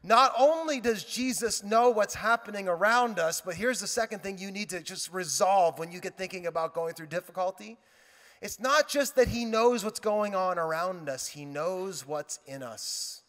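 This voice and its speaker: A male pastor preaching a sermon, telling a lively story with quoted dialogue and joking asides. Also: high voice, moderate pace. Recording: reverberant hall.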